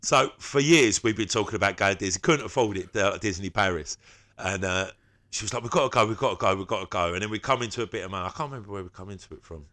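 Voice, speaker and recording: A man's voice: on the low side, fast talker, a bit bright. A man, a podcast co-host telling stories in casual, slangy chat and laughing often.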